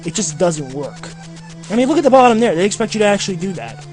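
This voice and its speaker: A man's voice: high voice, big pitch swings, fast, a little mellow, soft background music. A man ranting sarcastically over gameplay as a game reviewer, swearing constantly and sounding fed up. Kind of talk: profane gameplay commentary rant.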